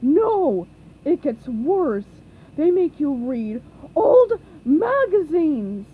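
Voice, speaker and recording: A woman voicing a dim-witted, boisterous male starfish in a storybook reading, loud, dopey and drawn-out. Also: high-pitched, sing-song, breathy edge, phone-quality sound, heavily acted. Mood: dramatic.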